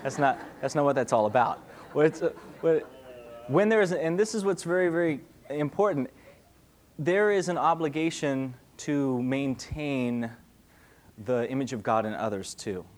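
A man's voice: mid-range voice, normal speed. A young man giving a casual question-and-answer sermon as a pastor, talking conversationally and often checking in with "okay?".

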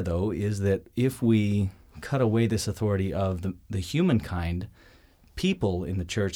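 Animated man hosting a teaching talk. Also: fairly low pitch. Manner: animated, acts out quoted voices, checks in with "okay?" and "see?". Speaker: show host.

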